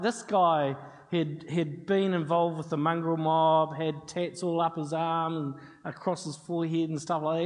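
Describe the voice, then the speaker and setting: A man preaching a sermon, telling a story in a chatty way and acting out the dialogue. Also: fairly high pitch. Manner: conversational storytelling with quoted dialogue. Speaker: pastor. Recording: long hall reverb.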